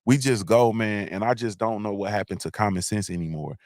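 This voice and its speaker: A man's voice: lowish voice, a little fast, a little mellow, no room sound, clean studio sound. A man hosting a livestream, talking in a loose, rambling monologue with slangy asides and many restarts. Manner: rambling, repeats himself, frequent restarts, slangy. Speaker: livestream host.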